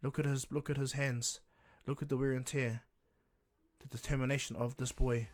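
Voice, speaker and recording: A man voicing a self-assured young male ninja in his own voice, talking in a calm, lecturing way. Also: medium pitch, moderate pace, natural voice. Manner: calm, lecturing and slightly cocky.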